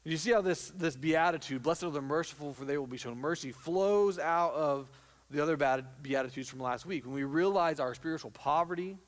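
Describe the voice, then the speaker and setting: A man's voice: on the high side, brisk. A pastor giving a conversational sermon, acting out little quotes as he goes. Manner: conversational preaching with acted-out quotes. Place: church sanctuary.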